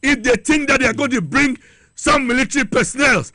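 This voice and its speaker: Breathless guy yelling at supporters to stay put, high voice, dry sound. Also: brisk, no echo. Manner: fiery, repetitive, shouting exhortations. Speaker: party supporter on air. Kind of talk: impassioned election-day call to supporters.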